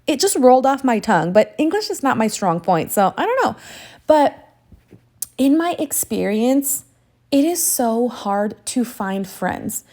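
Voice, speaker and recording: Gushing, mellow-voiced woman crafter. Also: a little high, very animated, a little slow. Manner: gushing and effusive, swears casually; sentimental and emotional. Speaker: crafting tutorial host. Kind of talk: casual chatty tutorial talk.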